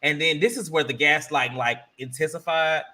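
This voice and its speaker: A man on a podcast panel, chatting casually about a reality show and acting out quotes with big jumps in pitch. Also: a little fast, sharp tone, a little hiss or hum. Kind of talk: casual reality-TV recap chat.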